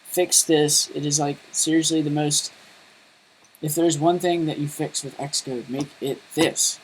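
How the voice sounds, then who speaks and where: A man's voice: a little high, steady tone, a little slow, slight background noise, poor audio. A man chatting casually while coding on a live stream, rambling and self-deprecating. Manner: rambling and self-deprecating, lots of fillers and laughs. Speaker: programmer streaming his coding.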